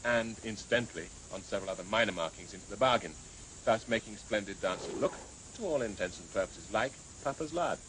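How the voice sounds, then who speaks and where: An actor in a TV drama playing a man who explains things briskly. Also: fairly low pitch, expressive, background noise, natural voice. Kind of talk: 1980s TV drama acting.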